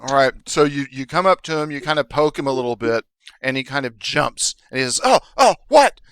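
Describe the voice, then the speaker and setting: A man runs a tabletop game as dungeon master, explaining creatures and describing scenes with quick restarts. His voice is bright and forward. The sound is dry and close with no room echo. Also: mid-range voice, fairly even intonation, clean tone.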